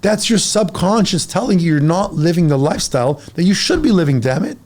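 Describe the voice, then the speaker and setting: Here a high-pitched man in his forties, a fitness coach, chats on a casual podcast. His delivery is animated and forceful, coming in rapid spurts full of repeated words.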